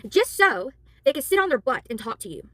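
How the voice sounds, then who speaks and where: A tired, worn-out woman who works as a spiritual worker and tarot reader, ranting to camera in a heated, exasperated way and apologizing for yelling. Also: sits high, big pitch swings, brisk, no room sound.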